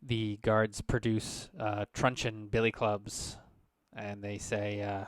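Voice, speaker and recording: A man's voice: fairly low pitch, flat delivery, slow, dry recording. A man acting as game master, narrating scenes and speaking for council members and guards.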